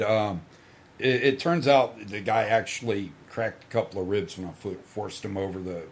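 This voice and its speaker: Speaking at normal speed with a fairly low pitch, this middle-aged man is a guest storyteller on a podcast. He spins crude, cocky tales casually, performing the quoted lines and chuckling as he goes.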